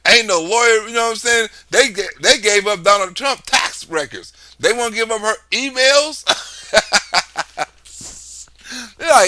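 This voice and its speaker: A man's voice: high-pitched, lively intonation, moderate pace, bright, forceful tone, no room sound. A man hosting a livestream, talking in a loose, profane political rant, laughing often. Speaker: livestream host.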